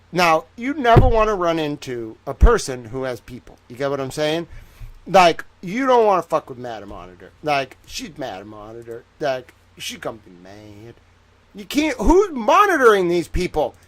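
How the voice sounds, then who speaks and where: A young man hosting a livestream, talking casually in a chatty, rambling way that turns animated when he is indignant. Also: high voice. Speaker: livestream host.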